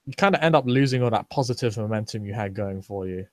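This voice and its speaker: A man's voice: on the low side, expressive, fast talker, darkish tone, no echo. A man who narrates as game master in a tabletop game, chatty with many fillers and frequent laughs.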